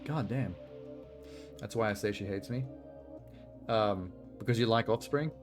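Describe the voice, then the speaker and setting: A man's voice: fairly low pitch, a little slow, over music. A man streaming a video game, chatting casually and rambling through asides with a self-deprecating humor. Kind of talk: casual live-stream commentary.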